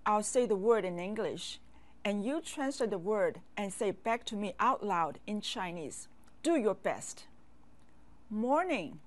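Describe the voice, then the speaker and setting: A woman teaching a language lesson, speaking with patient, clear classroom delivery and asking learners to repeat after her. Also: mid-range voice, animated, a little slow. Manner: patient, drills words and asks learners to repeat. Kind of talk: slow, clear classroom instruction.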